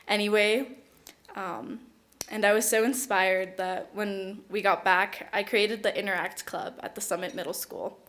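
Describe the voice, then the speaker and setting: A teenage girl who speaks at home, giving an award acceptance speech, emotional and close to tears, with giggles. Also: medium pitch. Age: teens. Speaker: award recipient. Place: awards event hall.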